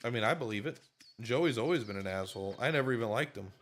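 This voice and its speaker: A man's voice: mid-range voice, expressive, quick pace, fairly bright tone. A tired man streaming a game, chatting casually and jokingly as he plays and yawns. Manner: rambling, jokey, reads game lines aloud. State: tired, yawning. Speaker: gaming streamer. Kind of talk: casual let's-play commentary.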